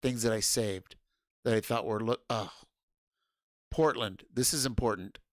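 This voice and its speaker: Loud excitable man streaming from home. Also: fairly low pitch, measured pace, no room sound, studio quality. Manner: loud, excitable, swears and laughs a lot. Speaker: livestream host. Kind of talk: casual livestream chat.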